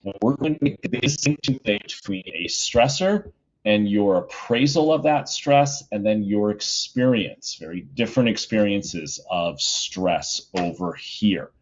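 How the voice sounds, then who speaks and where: A middle-aged male high school teacher giving a casual, chatty recorded lesson from home, with plenty of fillers. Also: lively intonation, measured pace, muffled recording.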